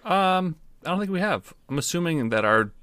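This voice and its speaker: A man's voice: high-pitched, very animated, moderate pace, bright, forceful tone, no room sound. A man co-hosting a podcast in casual banter, with a dry, sarcastic manner and a lot of swearing. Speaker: podcast co-host.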